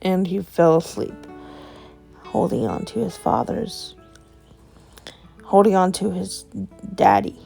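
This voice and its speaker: Slow, gravelly woman telling a story. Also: fairly low pitch, sing-song, dark tone, faint music behind. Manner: meandering, with fillers and self-corrections. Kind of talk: improvised bedtime story narration.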